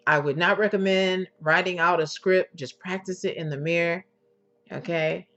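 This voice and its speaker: A woman giving an instructional talk as an intimacy coach, in a sultry, drawn-out manner, often checking in with "okay?" and using endearments. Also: fairly low pitch, steady tone, fairly bright tone. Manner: endearments to the listener. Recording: dull lo-fi recording with faint music.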